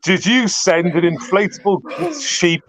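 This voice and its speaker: A man's voice: high voice, expressive, a little slow, crowd noise. A man from Wales hosting a livestream call, blunt and sarcastic, stammering when riled. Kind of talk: heated casual argument.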